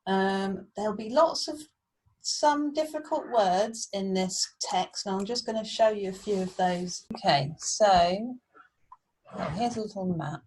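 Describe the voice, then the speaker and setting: A woman's voice: medium pitch, darkish tone, slightly rough, poor audio. Friendly woman teaching children. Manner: friendly, explaining slowly with fillers. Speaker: primary school teacher. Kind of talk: recorded home lesson for children.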